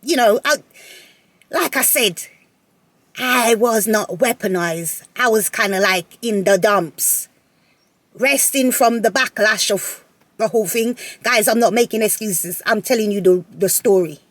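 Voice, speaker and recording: A woman telling a personal story to her viewers in a casual, animated way, often repeating phrases and laughing. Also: mid-range voice, a little slow, dry recording. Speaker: vlogger.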